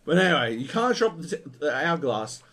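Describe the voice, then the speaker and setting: A man's voice: fairly high pitch, sing-song, brisk, gravelly, fairly bright tone. A man co-hosting a video game podcast, ranting in a casual, profane and exasperated way. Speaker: podcast co-host.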